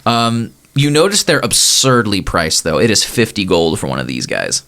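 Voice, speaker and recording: A man's voice: lowish voice, very animated, normal speed, bright, forceful tone. A man narrating a tabletop game as game master, loose and casual with many fillers.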